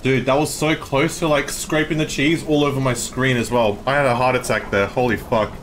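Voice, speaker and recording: A man with an Australian accent, live-streaming and excitedly arguing with his chat, swearing often. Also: medium pitch, fairly quick, slight background noise.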